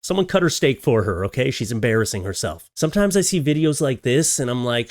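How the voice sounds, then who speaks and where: A man's voice: medium pitch, a little fast, few pauses, dry recording. Wisecracking man in a dry room. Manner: joking, sarcastic asides. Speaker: host reacting to viral videos. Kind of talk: comedic reaction commentary.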